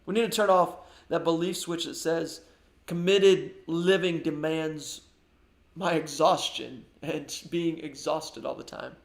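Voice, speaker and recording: A man's voice: fairly high pitch, fairly even intonation, unhurried, creaky, reverberant. A man giving an earnest devotional sermon as a pastor, often repeating words as he goes.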